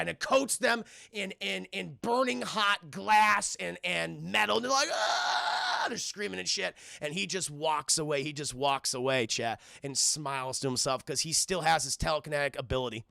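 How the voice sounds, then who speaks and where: Young guy streaming a cartoon recap, kinda high gravelly voice, laughs a lot and stumbles over words. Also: no room sound, clean studio sound. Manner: excitable, laughs often, stumbles and repeats words, addresses chat. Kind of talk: casual live-stream recap chat.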